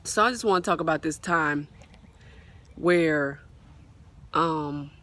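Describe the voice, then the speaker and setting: A faith vlogger sits on a swing outdoors, sharing a casual, fervent, repetitive testimony into her phone and often calling out to viewers. Her voice is deep, slow, and a bit bright. The phone mic is sometimes partly covered.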